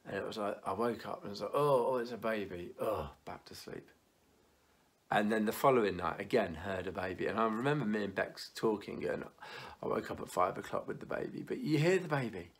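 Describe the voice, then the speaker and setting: Earnest man giving a youth talk. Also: fairly low pitch. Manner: lively storytelling, dropping to quiet and earnest; stumbling restarts and fillers. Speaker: church youth leader.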